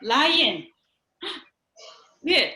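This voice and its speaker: A woman guides children through yoga over a video call, unhurried and encouraging. Her voice is high and bright, and her words come slowly. The sound is roomy and echoey. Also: sing-song, far from the mic. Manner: patient, encouraging, slow and clear. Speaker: kids' yoga teacher. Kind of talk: online class instruction for children.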